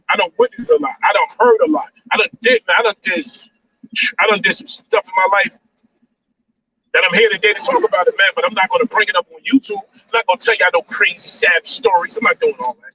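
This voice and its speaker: A man's voice: high voice, big pitch swings, brisk, bright, forceful tone. A man, hosting a live stream and lecturing his audience, repeating lines and saying "man" a lot. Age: 40s. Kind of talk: casual monologue on a live stream. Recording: dull, distant mic with faint noise.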